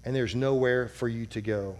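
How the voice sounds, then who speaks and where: A male pastor preaching a sermon dramatically, dropping to a low hush on key words. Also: steady tone, moderate pace.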